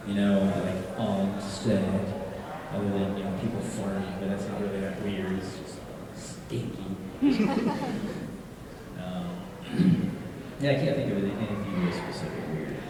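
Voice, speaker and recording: Laughing male voice actor in an echoey hall. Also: lowish voice. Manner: animated, laughing, self-deprecating storyteller. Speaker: voice actor guest at a convention panel. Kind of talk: casual Q&A storytelling. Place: large convention hall with an audience. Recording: echoey hall, far from mic, crowd noise.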